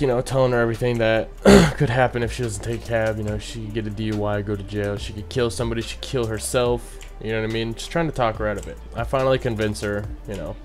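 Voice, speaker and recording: A young man with a fairly low voice tells a story in a loose, rambling vlog style and keeps dropping in "you know what I mean" asides. Faint music plays softly behind him. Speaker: bartender telling a story.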